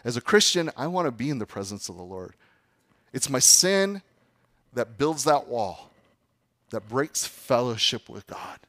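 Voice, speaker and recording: A man preaching a sermon as pastor, talking to the congregation in a conversational way and often checking in with "okay" and "guys", sometimes rising to emphatic, louder peaks. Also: medium pitch, very animated, measured pace, dry recording.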